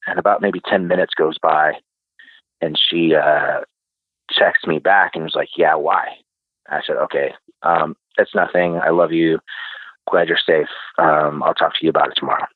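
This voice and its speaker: A man guest telling a personal story casually, halting with many fillers and restarts. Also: a bass voice, steady tone, no echo. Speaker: podcast guest. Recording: tinny phone-like remote line.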